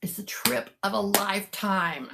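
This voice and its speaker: A woman's voice: medium pitch, measured pace, gravelly, very noisy. Chatty woman rambling to viewers. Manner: rambling, chatty, self-deprecating, greets viewers by name. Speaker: live-sale seller and vlogger. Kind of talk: casual chat to live viewers.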